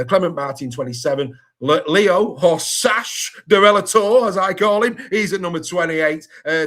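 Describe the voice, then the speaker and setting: A man hosting a sports podcast in casual chat, lively and good-humoured as he stumbles over hard names. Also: a little high. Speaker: podcast host.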